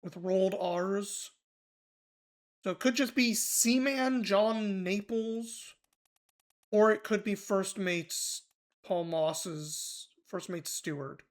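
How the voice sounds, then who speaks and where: A man's voice: high voice, slow pace. A man streaming a mystery game, thinking aloud in loose, casual commentary with offhand swearing.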